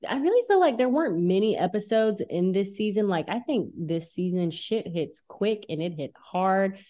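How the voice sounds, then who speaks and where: A woman's voice: medium pitch, expressive, moderate pace, dark tone. A woman podcast co-host giving her opinions in loose casual chat, with fillers and slang.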